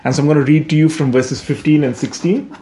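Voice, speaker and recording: A man's voice: on the high side, steady tone, fast talker, warm tone, slight background noise. A man preaching a sermon in a conversational way, often checking in with "right?" and correcting himself. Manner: conversational, frequent "right?" asides, self-corrections. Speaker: pastor.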